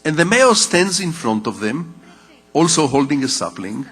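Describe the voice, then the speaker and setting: Older man, Israeli accent, husky, public lecture, reverberant hall. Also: a little high, sing-song, fairly bright tone. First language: Hebrew. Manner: measured storytelling with rhetorical repetition. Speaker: writer giving a lecture.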